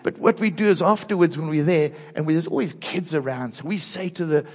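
Husky older South African preacher. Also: male voice, a little fast. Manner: earnest, personal anecdotes, voice drops soft and low at emotional moments. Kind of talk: storytelling sermon. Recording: long hall reverb.

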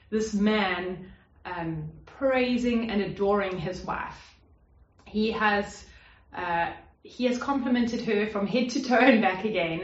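Woman preaching in a roomy space. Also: mid-range voice. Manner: earnest, conversational with fillers and restarts. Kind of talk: sermon. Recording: roomy, slightly dull sound.

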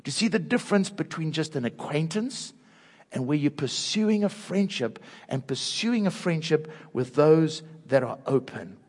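An older man with a South African accent, preaching an earnest sermon through personal stories and dropping soft and low at tender moments. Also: animated, normal speed. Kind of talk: storytelling sermon. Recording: long hall reverb.

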